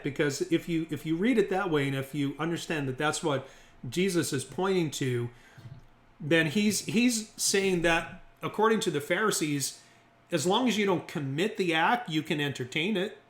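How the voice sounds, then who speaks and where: A man's voice: fairly high pitch, normal speed, a bit bright. Man teaching a Bible class, echoey room. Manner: reasoning aloud, checks in with the group often. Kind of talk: interactive Bible lesson.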